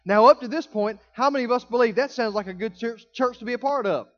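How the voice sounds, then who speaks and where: A man with a high, ringing voice preaches a morning sermon, pressing hard on key words and slowing right down to drag them out. The recording sounds slightly dull and muffled. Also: fairly bright tone. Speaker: pastor.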